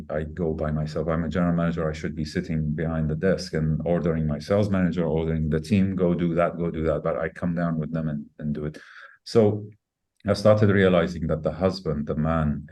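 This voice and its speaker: A man's voice: sits low, mellow. A middle-aged man, a podcast guest, candidly telling a personal story in an earnest, reflective way. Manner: earnest, reflective, speeds up when quoting himself.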